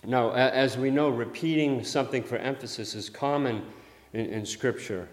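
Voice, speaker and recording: A man delivering a sermon, halting and repeating words, with a louder voice whenever he quotes scripture. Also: mid-range voice. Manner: halting, repeats words often, swells in volume on quoted verses. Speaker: preacher. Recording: long hall reverb.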